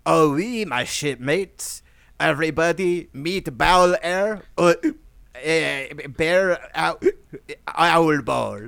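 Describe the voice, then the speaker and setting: A man doing a slow, formal shipmate. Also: mid-range voice, steady tone, gravelly, fairly bright tone, clean tone, no room sound, full character voice. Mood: stately. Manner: slow, stately, French-tinged.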